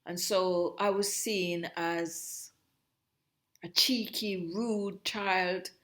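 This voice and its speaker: Middle-aged woman, interview guest; reflective, halting delivery with frequent restarts. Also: fairly low pitch, steady tone, fairly bright tone. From Jamaica. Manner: reflective, halting, breaks off and restarts mid-phrase. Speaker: guest, host's mother. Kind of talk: personal storytelling.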